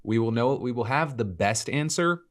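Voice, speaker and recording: A man co-hosting a podcast, talking through news in a measured way with many fillers. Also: mid-range voice, lively intonation. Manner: measured, thinking aloud with fillers. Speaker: podcast co-host. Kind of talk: casual news commentary.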